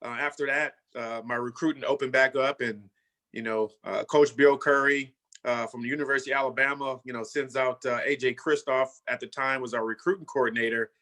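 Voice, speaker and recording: Bright-voiced man telling his story. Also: mid-range voice, fairly even intonation, brisk. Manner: frequent "you know" and "man" fillers. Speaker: guest, former football player. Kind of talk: casual storytelling.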